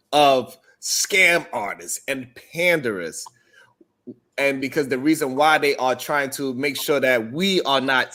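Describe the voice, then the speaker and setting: Bright high-voiced New man. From New York. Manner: playful, storytelling, acts out quotes. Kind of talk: casual debate chat.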